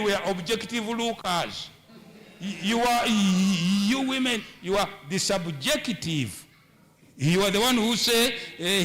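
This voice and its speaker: A man's voice: sits high, sharp tone. A man preaching a humorous sermon on marriage in a church, with a Ugandan English accent, often repeating and stumbling over words.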